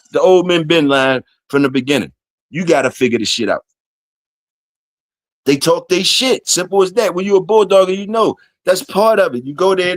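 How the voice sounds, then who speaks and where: A man hosts a casual solo livestream, reading chat comments aloud and talking loosely and profanely to his viewers. His voice is a little high, with no echo.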